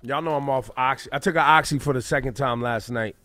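A man's voice: mid-range voice, fast, pushed and bright, no room sound, soft background music. A man hosting a morning radio show, joking bluntly and rambling loosely in casual banter from a studio mic. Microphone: studio microphone.

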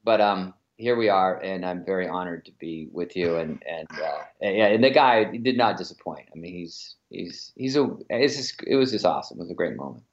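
A man's voice: lowish voice, muffled recording. A man with a Boston accent, a commercial director talking as an interview guest, rambling with lots of restarts and fillers. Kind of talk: casual interview chat.

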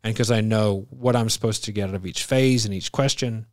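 A man's voice: fairly low pitch, a little fast, no room sound, studio quality. A man hosting a casual podcast chat, telling stories animatedly and acting out the people he quotes with bursts of laughter. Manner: animated storyteller, acts out quoted voices with laughs. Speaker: podcast host.

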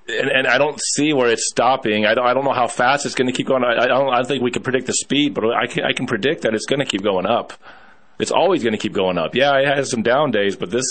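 A man's voice: lowish voice, fairly bright tone. A man co-hosting a markets talk show, rambling and repeating himself as he talks. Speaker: co-host. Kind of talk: market commentary chat.

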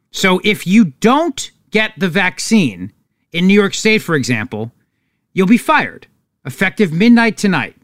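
A man's voice: high voice, fairly bright tone, dry recording, clean studio sound. A man hosting a political talk show, sarcastic and mocking in his commentary. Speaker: talk radio host.

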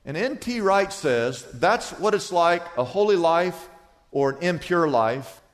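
A man's voice: fairly high pitch, lively intonation, a little slow, in a large hall. A man preaching a sermon, telling a personal story with humor before making his point to the congregation. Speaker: pastor.

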